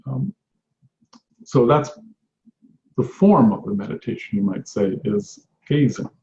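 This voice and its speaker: A man giving an unhurried, reflective talk on meditation as a teacher, often restarting his phrases. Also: medium pitch, animated, mellow. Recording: echoey room, dull lo-fi sound.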